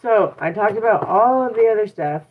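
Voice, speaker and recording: A woman hosting a casual live chat from home, playful and quick to laugh, often breaking off to correct her child. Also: mid-range voice, animated. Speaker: channel host and mother. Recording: tinny phone-like sound.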